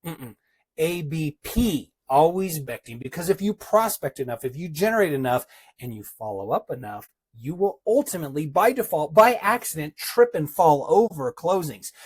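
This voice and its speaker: Husky guy pumping up his team, punchy, keeps repeating the key line. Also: on the high side, expressive, normal speed. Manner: emphatic and punchy, hammering repeated phrases; addresses listeners directly as a team. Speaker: business coach. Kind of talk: motivational talk.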